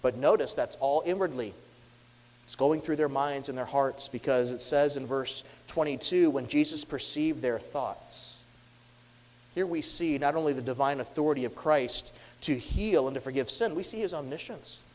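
A man's voice: medium pitch, moderate pace. Earnest man preaching in a reverberant hall. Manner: earnest, questioning, drops softly for quoted words. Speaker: pastor. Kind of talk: sermon.

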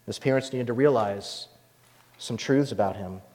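A man preaching a sermon as pastor, animated and acting out the voices he quotes. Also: medium pitch, moderate pace, big-room sound.

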